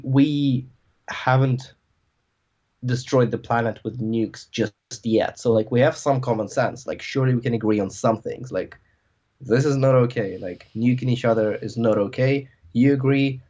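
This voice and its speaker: A man's voice: mid-range voice, unhurried, mellow, highs cut off. A man hosting a podcast in casual conversation, rambling with lots of filler words. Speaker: podcast host.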